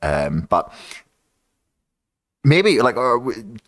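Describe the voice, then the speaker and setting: A man hosting a podcast, chatting casually, swearing freely and telling stories with animated energy. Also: medium pitch, extremely slow, no echo. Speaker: podcast host. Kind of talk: casual chat.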